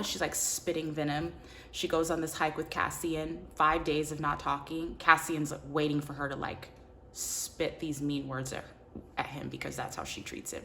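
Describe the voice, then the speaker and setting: A woman reviewing a book in an animated, casual way, full of "like" and quick acted-out character lines. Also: deep voice, creaky, a little hiss or hum. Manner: animated, filler-heavy, acts out characters' lines.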